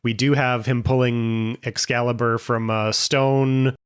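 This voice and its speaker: A man's voice: mid-range voice, level tone, a little slow, clear, resonant tone. A man hosting a podcast, laying out his points step by step in a casual discussion. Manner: analytical, lays out points step by step. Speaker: podcast host.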